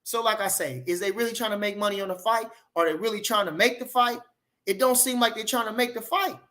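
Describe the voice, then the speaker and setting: A man's voice: sits high, fast talker, sharp tone. Emphatic man talking boxing. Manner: emphatic, repeats phrases, fires rhetorical questions. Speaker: boxing commentator. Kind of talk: casual opinion talk.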